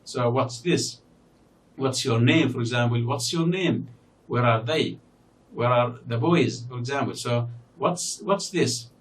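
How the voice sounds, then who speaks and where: A man whose first language is Arabic, teaching a recorded English lesson and explaining slowly with many fillers and repeated example words. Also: mid-range voice, recorded from a distance, slight background noise. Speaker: university English lecturer. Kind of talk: recorded distance-learning lecture.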